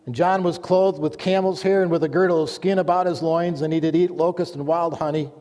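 A pastor delivering a sermon, reading scripture aloud and telling a folksy joke in an earnest manner. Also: male voice, a little high, steady tone, a little fast, mellow. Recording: long hall reverb.

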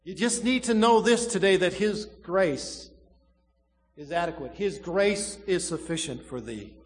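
A man preaching a sermon, swelling loud and then dropping to a hush, drawing out key words slowly. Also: high-pitched, lively intonation, big-room sound. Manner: dramatic preaching, swells loud then drops to a hush, slow emphatic stresses.

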